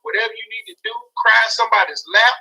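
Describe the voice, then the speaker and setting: A man in his forties with a high, very bright, forceful voice, coming through a tinny phone line. He talks in a lively, animated way and acts out his own past reactions as he tells stories. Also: quick pace, creaky. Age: 40s. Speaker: guest speaker. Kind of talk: casual talk show chat.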